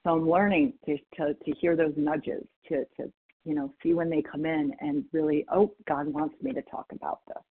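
Calling into a recovery meeting, a woman from North Idaho opens up in a personal share, quoting people and laughing at herself. Her deep, husky voice moves at a normal speed, and the sound is typical phone-call audio.

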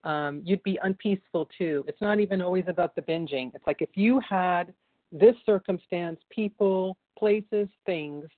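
A woman's voice: lowish voice, normal speed, dry recording. A woman speaking earnestly and reflectively as she shares at a recovery meeting, repeating phrases for emphasis. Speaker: meeting member sharing. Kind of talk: personal sharing at a recovery meeting. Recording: dry phone line.

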